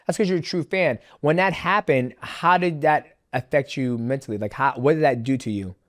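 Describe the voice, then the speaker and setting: A former fighter hosting a podcast, talking loosely and at middle pitch. His speech rambles and restarts often, full of fillers as he chats casually with his guest. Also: normal speed. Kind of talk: casual interview chat.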